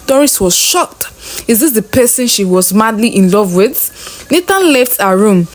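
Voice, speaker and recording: A woman telling a dramatic story aloud, her voice fairly high. She retells each scene plainly, with a flair for drama. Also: animated, moderate pace.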